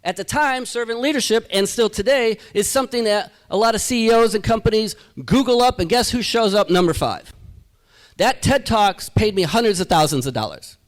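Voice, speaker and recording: High-voiced energetic male speaker. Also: brisk. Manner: energetic, rhetorical, keeps asking "right?". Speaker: motivational speaker. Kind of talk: live keynote to an audience. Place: event hall.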